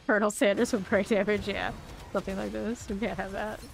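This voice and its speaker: A woman's voice: mid-range voice, creaky. A woman with a mild Southern American accent, streaming a game and chatting casually with viewers, teasing and laughing often as she plays. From Southern United States. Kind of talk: casual gameplay commentary.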